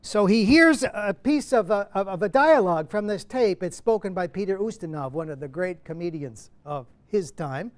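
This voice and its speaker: A man's voice: high-pitched, expressive, moderate pace, few pauses. A man in his seventies giving a university lecture as a guest playwright, digressive and self-interrupting, with many asides.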